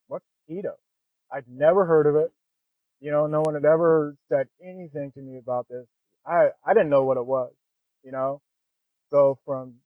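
A man with a fairly high voice appears as a podcast guest, candidly telling his own story and often adding "man" and "you know." The recording is dry, with a narrow, phone-like sound and no room sound.

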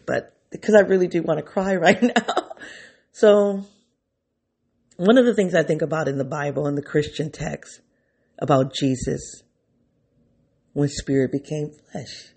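A man's voice: on the high side, creaky, mellow, slightly rough. A man talking to his viewers in an unscripted reflective monologue, rambling and restarting his thoughts, openly emotional. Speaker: vlogger speaking to his viewers.

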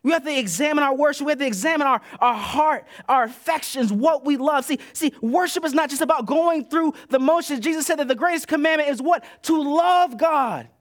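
A man preaching a sermon in a church, talking in a conversational way and acting out the voices he quotes, swinging between loud and soft. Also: very high voice, a little fast, few pauses. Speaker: pastor. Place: church sanctuary.

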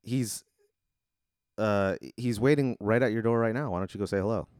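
A man hosting a casual comedic chat, calmly walking a friend through a made-up scenario. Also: on the low side, normal speed, no echo, studio quality. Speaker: host.

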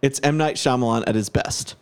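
A man's voice: mid-range voice, fairly quick, clear, resonant tone. Emphatic male podcast host. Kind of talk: casual chat.

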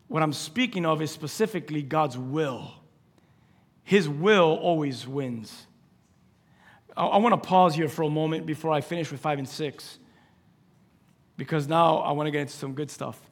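A male pastor preaching a sermon, telling scripture stories with animated acted-out dialogue, swinging between loud exclamations and hushed asides. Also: fairly high pitch, moderate pace, pauses often. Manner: animated storytelling, acting out scripture scenes.

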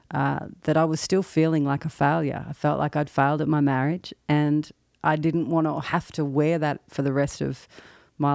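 A woman telling a personal story in an earnest, halting, reflective way. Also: low voice, vocal fry, darkish tone, no echo, studio quality. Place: lives in the American South.

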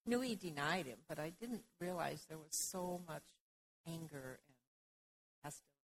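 A woman's voice: deep voice, lively intonation, normal speed, crowd noise, low-quality recording. A woman in a church group answering into a handheld mic, reflecting on what she noticed in the reading. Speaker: congregation member. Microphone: handheld microphone.

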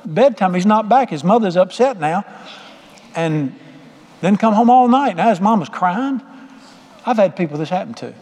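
A middle-aged man preaching in a fairly high voice, with a folksy storytelling manner and frequent questions to his listeners. The sound carries a long reverb, as in a big church hall. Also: animated, normal speed, pauses often, darkish tone. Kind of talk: sermon.

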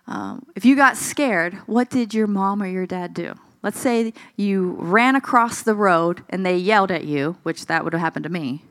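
A woman with a mid-range voice preaches a conversational, expressive sermon, putting questions to the congregation and imitating the voices she quotes. She comes across a little tired, with no echo on the recording.

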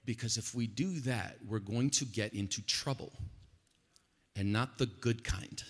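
A man preaching a sermon at a conference, animated and swinging from quiet talk to loud, emphatic passages. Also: medium pitch, a little slow, slightly rough. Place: large conference hall. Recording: long hall reverb.

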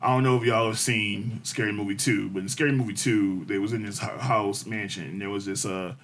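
A man co-hosting a podcast, telling family stories in a casual, animated way, swearing freely and laughing often. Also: fairly low pitch, brisk, slight background noise. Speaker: podcast co-host. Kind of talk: casual chat.

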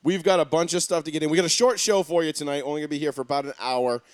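Young male sports radio host, joking and profane, slightly high voice, dry close mic. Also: fairly even intonation, racing, clear, resonant tone, no echo. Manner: loose, joking, swears freely. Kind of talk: casual sports radio chat.

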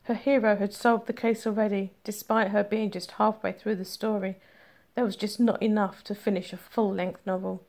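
A woman narrating a romance story in a steady, measured reading voice. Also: medium pitch. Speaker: audiobook narrator. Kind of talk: scripted narration.

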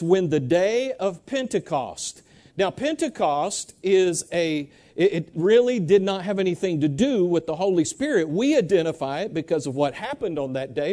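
Guy preaching, kinda high voice, warm tone, reads scripture slow and drawn out. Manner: animated, drawls Bible verses slowly. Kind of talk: sermon with congregation call-and-response.

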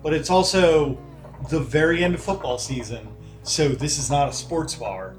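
A game master narrating and running a tabletop game in a relaxed, descriptive way. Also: medium pitch, moderate pace, faint music behind.

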